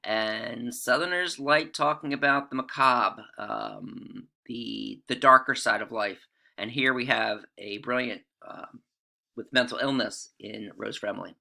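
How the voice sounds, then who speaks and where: A middle-aged male English teacher gives a relaxed literature lecture with a very bright, forceful tone. He reads passages from the text aloud and keeps checking in with his listeners. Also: mid-range voice, a little slow, gravelly.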